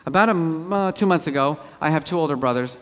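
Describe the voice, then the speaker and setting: Animated man giving a keynote in a hall. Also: a little high, fast. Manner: animated storytelling with self-deprecating humor. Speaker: keynote speaker. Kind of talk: lively conference keynote. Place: large auditorium. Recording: hall reverb.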